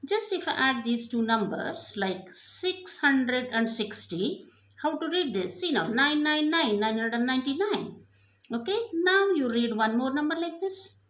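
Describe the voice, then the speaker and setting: A woman teaching abacus counts out numbers slowly and deliberately, her pitch high and swinging widely. Her step-by-step prompts carry the patient rhythm of a math lesson. The recording sits in a noticeably echoey room. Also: animated, fairly bright tone. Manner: slow, deliberate counting aloud with repeated prompts.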